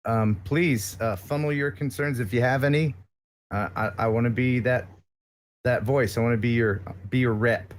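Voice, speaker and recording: A man's voice: mid-range voice, steady tone, moderate pace, slight background noise. An American man chatting casually as a guest on a live stream, rambling and joking with lots of filler words.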